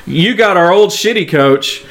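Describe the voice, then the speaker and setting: Laughing, foul-mouthed man, slightly high voice. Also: lively intonation, unhurried, fairly bright tone. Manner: swears often, laughs a lot, jokey. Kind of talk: casual chat.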